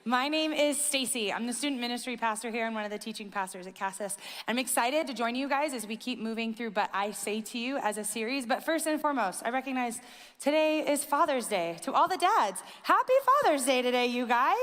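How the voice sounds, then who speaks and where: A young woman pastor preaching a conversational sermon, telling animated stories with casual fillers. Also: fairly high pitch, brisk. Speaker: student ministry and teaching pastor. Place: church auditorium. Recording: church hall with long reverb.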